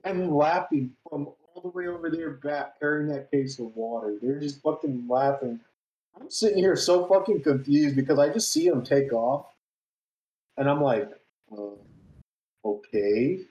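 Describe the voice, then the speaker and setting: A man's voice: a little high, a little slow, darkish tone, echoey room, muffled recording. A man in his twenties, co-hosting a podcast, telling a story in casual chat, swearing and laughing often. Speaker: podcast co-host.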